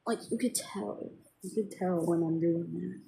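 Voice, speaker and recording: A woman's voice: lowish voice, fairly even intonation, unhurried, gravelly, mellow, slight background noise, poor audio. A woman venting in a casual, rambling way to her viewers, with many fillers and restarts. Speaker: vlogger. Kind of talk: casual personal venting to camera.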